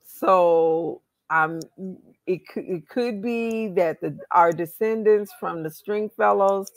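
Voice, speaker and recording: Woman with a southern accent, gravelly. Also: medium pitch, slow, no room sound. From California. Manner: talks through research on screen, thinking aloud. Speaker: genealogy host. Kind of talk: casual genealogy chat.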